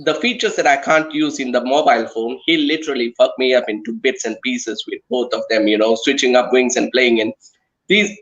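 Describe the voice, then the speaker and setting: A man's voice: mid-range voice, steady tone, fairly quick, fairly bright tone, muffled recording. A man in a casual football chat, talking earnestly and often checking in with "you know" and "right". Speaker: guest on a watch-along.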